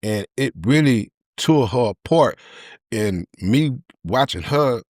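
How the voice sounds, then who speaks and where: A man, a podcast guest telling a candid personal story in an emotional, halting way with many repeated words. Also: medium pitch, lively intonation, dry recording, studio quality.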